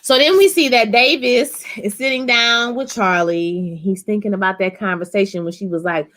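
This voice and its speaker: A woman casually recapping a TV episode. She talks in an animated, chatty way and swears freely. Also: medium pitch, normal speed. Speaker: TV episode reviewer.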